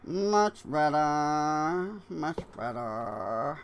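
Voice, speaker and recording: A streamer voicing a smug, scheming old cartoon villain with a slow, drawn-out, self-satisfied delivery. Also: medium pitch, lively intonation, vocal fry, slight background noise, full character voice.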